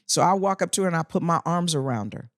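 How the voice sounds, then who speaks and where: A woman comedian spins animated, earthy stories as a podcast guest. Her delivery is punchy and full of timing. She sits close to a studio mic in a dry, dead room. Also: fairly low pitch, fast talker, no room sound. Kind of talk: casual podcast chat, storytelling.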